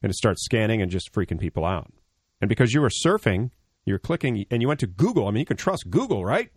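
A man co-hosts a radio tech show, explaining things at length in a blunt, joking, casual way. His lowish voice is sing-song and quick with a breathy edge, recorded dry at studio quality.

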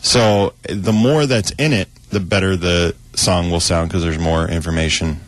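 A man's voice: low-pitched, a little slow, no room sound. A man co-hosting a radio show from a studio, with a dry, teasing, matter-of-fact way of talking. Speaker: radio co-host. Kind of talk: casual radio chat. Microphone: studio microphone.

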